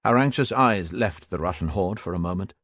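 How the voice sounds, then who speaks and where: A man narrating a first-person war memoir audiobook in a steady, grave manner. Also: sits low, a little fast, no room sound, clean studio sound.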